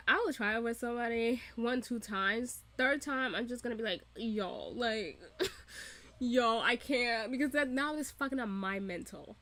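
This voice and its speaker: A young woman rants through a casual reaction commentary, swearing freely and laughing often. Her voice sits a little high and sounds bright and forceful. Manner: animated, profane, laughing often. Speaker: reaction video host.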